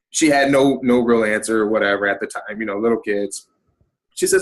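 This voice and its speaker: On an interview podcast, a middle-aged male guest recounts something from his own life animatedly, playing the characters as he goes. He speaks briskly at a medium pitch, captured in low-quality audio.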